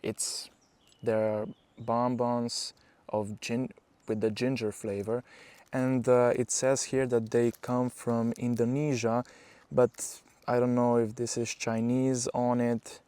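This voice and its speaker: A young man chatting to his viewers in a casual vlog, earnest and unpolished, stumbling through a few restarts as he goes. His voice sits at a middling pitch. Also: flat delivery, slow, mellow, clean tone, no echo. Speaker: powerlifting vlogger. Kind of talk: casual vlog talk to camera.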